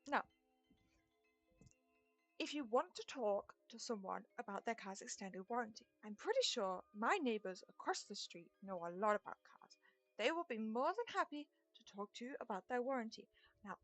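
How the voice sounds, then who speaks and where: A woman's voice: fairly high pitch, very animated, normal speed, no room sound, soft background music. A woman voicing a chatty, scatterbrained elderly woman who rambles, fusses and calls people dear. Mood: rambling.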